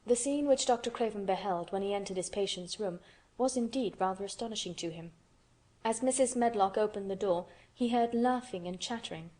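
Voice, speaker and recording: A woman narrating a classic novel as an audiobook in a measured, calm way. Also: medium pitch. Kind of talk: scripted narration.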